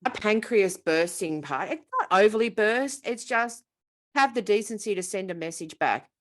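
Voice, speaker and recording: A woman co-hosting a podcast, chatting casually and venting in an animated, exasperated way, swearing freely. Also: mid-range voice, moderate pace. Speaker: podcast co-host. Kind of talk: casual chat.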